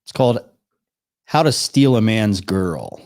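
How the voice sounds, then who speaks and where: A man's voice: on the low side, very animated, a little slow, darkish tone. A man casually commenting as he reacts to a video, laid-back and swearing now and then. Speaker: reaction streamer.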